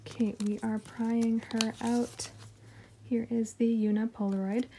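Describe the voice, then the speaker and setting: A woman chatting casually through an unboxing haul, gushing and excitable with frequent giggles. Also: on the high side, a little slow, a little hiss or hum.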